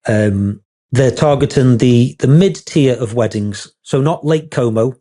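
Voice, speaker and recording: Chatty guy with a warm low-key tone, rambles a bit, pokes fun at himself. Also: measured pace. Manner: rambling, self-deprecating, gets emotional. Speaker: wedding photographer guest. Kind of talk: candid podcast interview.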